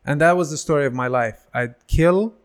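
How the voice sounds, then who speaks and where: A man's voice: fairly high pitch, normal speed, clear, resonant tone. A man in his thirties, a stand-up comedian, telling stories in casual chat and acting out the voices of people he quotes. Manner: animated, acts out quoted voices.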